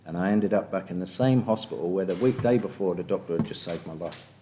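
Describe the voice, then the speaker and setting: English man, 50s, deep low voice, candid and blunt recovery-meeting share, faint background noise. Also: brisk, mellow. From England. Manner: frank and blunt, with frequent "do you know what I mean". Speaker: speaker sharing at a recovery meeting.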